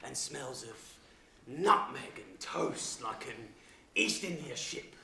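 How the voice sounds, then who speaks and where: A man's voice: medium pitch, lively intonation, takes it slowly, vocal fry, pushed and bright, a little hiss or hum, heavily acted. A young man playing a chatty innkeeper who rambles and repeats a pet phrase. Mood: conspiratorial. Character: chatty male innkeeper, in on a robbery. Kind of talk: stage acting in a school play. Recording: echoey hall with audience.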